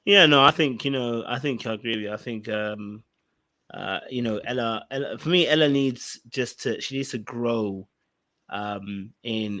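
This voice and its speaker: A man, co-hosting a podcast and giving animated, emphatic reality-TV commentary, repeating phrases for effect. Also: mid-range voice, no echo. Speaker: podcast co-host.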